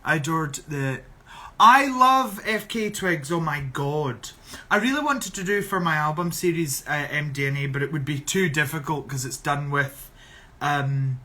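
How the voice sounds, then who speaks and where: Chatty Scottish man with a bright voice. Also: a little high. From Scotland. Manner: chatty and sarcastic, reading out viewer questions. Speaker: drag performer on a live stream. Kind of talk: casual live-stream Q&A.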